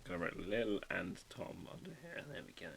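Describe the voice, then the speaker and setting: Chatty stream host, lowish and lively voice, muttered asides, faint tape-like hiss behind. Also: male voice, normal speed, creaky. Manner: chatty, reads out viewer comments while drawing, quietly muttering asides. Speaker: livestream host drawing a card. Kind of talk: casual live-stream chat.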